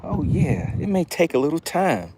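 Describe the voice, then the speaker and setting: An excitable man hosting a live fishing stream from a boat on a windy lake, talking to his viewers and repeating his phrases. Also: fairly high pitch, moderate pace.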